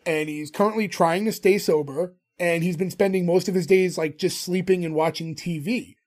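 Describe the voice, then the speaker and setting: A man's voice: high-pitched, moderate pace. A man co-hosting a casual podcast, telling stories animatedly and recapping a TV episode. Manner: animated storyteller. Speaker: podcast co-host.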